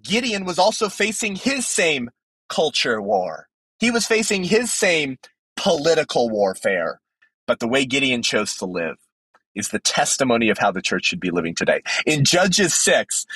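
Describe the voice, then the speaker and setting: A man, a podcast guest, giving fervent preaching-style commentary with emphatic swings in pitch. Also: bright, forceful tone, breathy edge, no echo, rough recording.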